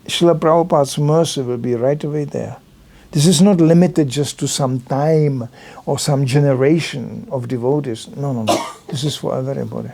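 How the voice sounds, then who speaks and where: Gravelly and warm at medium pitch, an older man's voice comes through with a little hiss or hum as he gives a relaxed religious talk as a visiting temple lecturer. He shares anecdotes in slightly non-native phrasing, switching voices to act out what others said.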